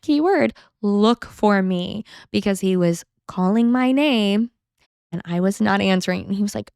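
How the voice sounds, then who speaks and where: A woman's voice: medium pitch, unhurried, vocal fry, a little mellow, smooth, no room sound, studio quality. A woman in her thirties, a podcast guest, telling a personal story casually, acting out other people's lines and laughing often.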